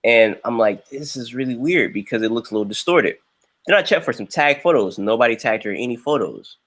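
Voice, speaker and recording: A young man hosts a livestream and tells a long story in a loose, chatty way. His voice leaps up high whenever he acts out what someone said. His pitch sits in a middle register but moves around a lot. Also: fairly quick. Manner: animated, jumps into high quoted voices. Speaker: livestream host. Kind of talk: casual storytelling.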